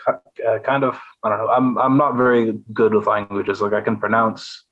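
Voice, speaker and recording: Guest man, bright and forceful tone, dry wry reading, muffled lo-fi recording. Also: fairly low pitch, little pitch movement, moderate pace. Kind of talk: reading a text aloud, then casual chat. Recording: dull lo-fi sound.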